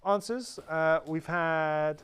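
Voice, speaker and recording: A man's voice: on the high side, takes it slowly, fairly bright tone, clear, resonant tone. A British man presenting on a live shopping channel in a chatty, upbeat way, often correcting himself. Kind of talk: live TV sales pitch. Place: TV studio.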